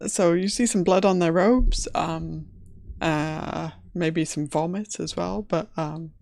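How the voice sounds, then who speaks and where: A woman narrating as dungeon master in a relaxed, hesitant way with many pauses. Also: on the low side, vocal fry, dry recording, studio quality. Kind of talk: narrating a tabletop game.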